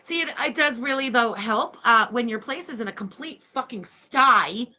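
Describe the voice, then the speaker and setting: A woman in her forties hosting a livestream reaction, loud, mocking and swearing, yelling often. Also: on the high side, lively intonation, moderate pace.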